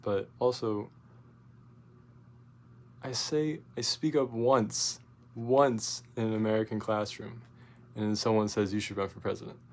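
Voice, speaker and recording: A young man telling a rambling, profane story in a casual vlog, full of fillers and restarts, getting loud and animated as he retells his outburst. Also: lowish voice, a little slow, pauses often. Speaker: vlogger.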